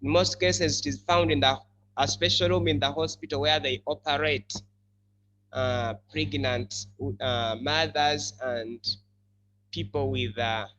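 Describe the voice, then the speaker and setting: A male English teacher giving a classroom lesson, explaining slowly and repeating key words for his students. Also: fairly high pitch, steady tone, fairly bright tone. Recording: slightly muffled with faint hum.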